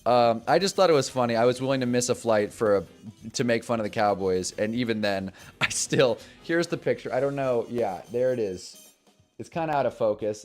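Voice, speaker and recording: A young man hosting a football talk live stream, telling a story in a chatty, animated way and laughing at his own jokes. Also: medium pitch.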